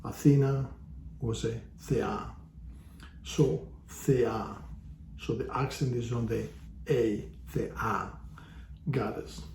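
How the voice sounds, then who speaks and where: A man's voice: medium pitch, dark tone, slight background noise. A man giving a casual online language lesson, explaining patiently with wry, joking asides. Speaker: language teacher. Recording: echoey room.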